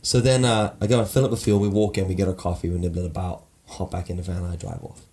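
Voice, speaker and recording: A man co-hosting a podcast, telling a story in casual, animated chat, swearing and acting out quotes. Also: deep voice, fast talker. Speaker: podcast co-host.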